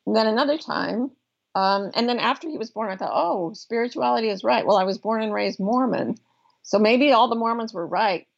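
Earnest middle-aged woman, gravelly voice. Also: on the high side. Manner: earnest, thoughtful, with frequent restarts and slow emphasis. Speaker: guest, life coach. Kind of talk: reflective personal storytelling. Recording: dull lo-fi recording.

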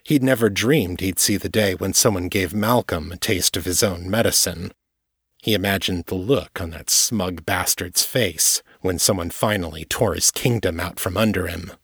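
A man reading his own novel aloud in steady, measured audiobook narration. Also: low-pitched, breathy edge, no echo, studio quality.

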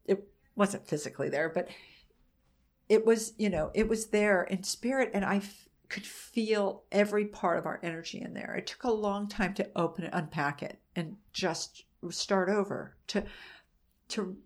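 Speaking at medium pitch and a normal pace, this middle-aged mother of an autistic son is being interviewed. She shares a personal story openly, in a chatty, conversational manner.

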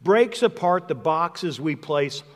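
A man's voice: on the high side, lively intonation, slow, big-room sound. A man preaching a sermon in a reflective, conversational way, repeating words to stress a point.

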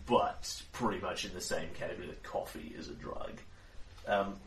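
A man's voice: deep voice, moderate pace, a bit bright. A man running a tabletop game as game master, joking with players and explaining rules at length. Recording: roomy distant recording, faint hiss.

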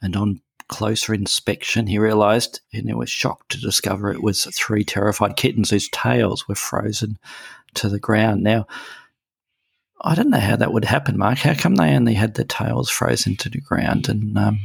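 Gravelly hesitant man, full of ums. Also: lowish voice, moderate pace, no echo. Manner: hesitant, many ums and restarts. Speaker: regular guest on a veterinary news segment. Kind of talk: casual radio chat.

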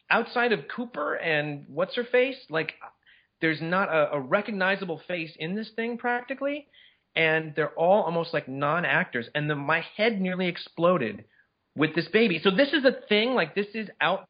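A man co-hosting a casual movie chat, talking in excited, incredulous bursts with many restarts. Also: high voice, moderate pace, highs cut off. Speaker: podcast co-host.

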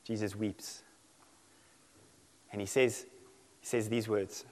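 A man preaching a sermon in an animated way, acting out quoted voices and laughing often. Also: on the low side, drawn-out words, pauses often. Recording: long hall reverb.

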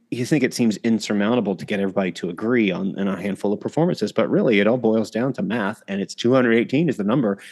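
A man's voice: fairly low pitch, darkish tone. A man hosting a casual podcast, rambling and self-interrupting, laughing often. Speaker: podcast host.

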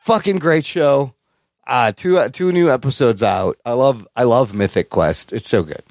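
A man co-hosting a podcast in casual chat, profane and enthusiastic, with animated swings in pitch. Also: moderate pace, dry recording, clean studio sound. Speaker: podcast co-host.

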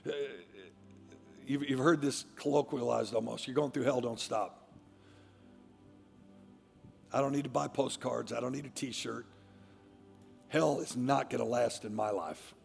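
A man preaching a sermon as pastor, swinging from quiet, low asides to loud, emphatic declarations. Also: steady tone, unhurried, creaky, pauses often, in a large hall, soft background music. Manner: fervent, emphatic preaching with repeated restarts.

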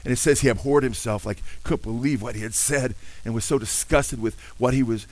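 A man's voice: medium pitch, fairly quick, a little mellow, poor audio. A man preaching a fervent, emphatic sermon with casual asides.

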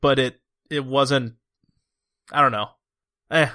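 A man's voice: medium pitch, steady tone, slow, bright, forceful tone, dry recording. A man hosting a podcast, chatting casually with dry, joking asides. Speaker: podcast host.

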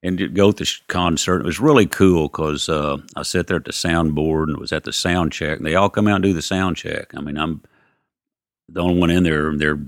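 A man's voice: a bass voice, fairly quick, dry recording, clean studio sound. A male musician telling anecdotes in a casual, rambling way, acting out what people said. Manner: rambling, acts out quotes, lots of "you know". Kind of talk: casual storytelling.

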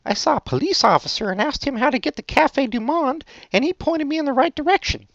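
A man putting on a high, strained impression voice to read out a letter as a shrill, unhinged man. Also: expressive, quick pace, gravelly, a bit bright, no echo, heavily acted. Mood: manic. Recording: dull lo-fi sound.

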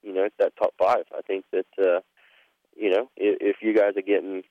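A man calling in as a guest, talking in a halting way with many fillers and repeated words. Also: low-pitched, flat delivery, no room sound, phone-quality sound. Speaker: phone-in guest rider. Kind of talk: casual chat.

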